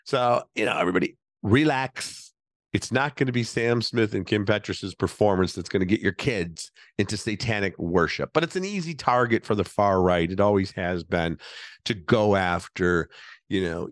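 A man's voice: on the low side, no echo, studio quality. A middle-aged man hosting a casual, opinionated commentary monologue, chatty and full of fillers and asides. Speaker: show host.

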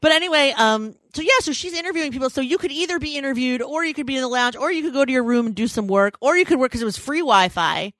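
A woman in her thirties co-hosting a podcast, telling a rambling story in casual chat, full of "like" fillers and quick self-corrections. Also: high-pitched, expressive, a bit bright, dry recording. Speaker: podcast co-host.

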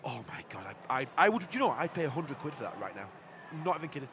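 A man co-hosting a podcast, excitable and laughing easily as he chats through a live match. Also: mid-range voice, very fast, background noise. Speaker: podcast co-host. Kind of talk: casual live match chat.

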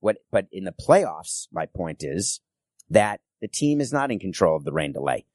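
A middle-aged man hosting a solo sports podcast, telling stories in a chatty way with quick asides. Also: sits low, sing-song, darkish tone, no echo, studio quality.

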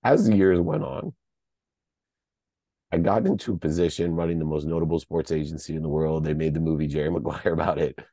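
Deep-voiced man telling a heartfelt story. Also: steady tone, brisk, dark tone, no echo, studio quality. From United States. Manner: heartfelt, choked up at times, restless repeated starts. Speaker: podcast guest. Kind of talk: emotional personal storytelling.

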